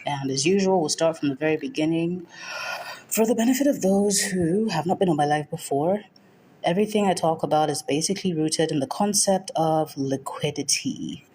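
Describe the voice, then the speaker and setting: A woman's voice: low voice, normal speed, warm tone, a little hiss or hum. A woman from Nigeria hosting a livestream trading lesson. She welcomes viewers by name and is firm and direct, repeating her key points. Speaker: forex trading mentor.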